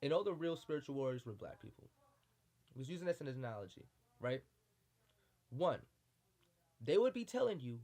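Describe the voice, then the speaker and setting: A man's voice: mid-range voice, very animated, fairly quick, pauses often, warm tone. A man giving a heated, profane monologue, blunt and repetitive, often asking "you know what I'm saying". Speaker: spiritual commentator. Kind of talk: impassioned monologue.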